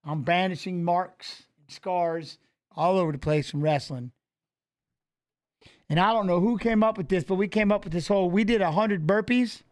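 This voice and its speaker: A man's voice: high voice, moderate pace. A man in his forties hosting a livestream, chatting loosely and rambling as he greets his viewers. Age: 40s. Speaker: livestream host. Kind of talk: casual livestream chat.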